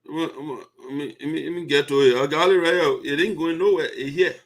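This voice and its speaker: A man with a Liberian English accent hosting a community commentary show, talking in a casual, animated and indignant way with frequent laughter. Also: a little high, fairly quick. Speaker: host of diaspora community show.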